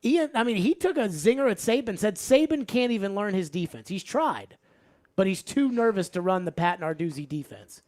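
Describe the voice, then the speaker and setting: Energetic male sports radio host. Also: high-pitched. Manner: energetic, shifts from loud openings to quick asides.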